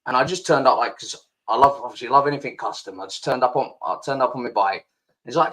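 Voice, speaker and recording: A man's voice: medium pitch, expressive, fast talker, a bit bright, poor audio. A man hosting a podcast as a casual chat, talking freely and swearing a lot. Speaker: podcast host. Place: home, sitting with laptop.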